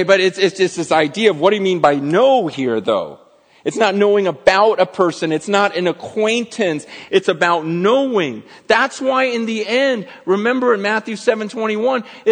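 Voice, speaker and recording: A man preaching with a fairly high voice, earnest and urgent, stumbling over repeated words as he drives his point home. His voice rings with the long reverb of a large hall. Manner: earnest, repeats words and restarts, swings between soft and emphatic. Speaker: pastor. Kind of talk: sermon.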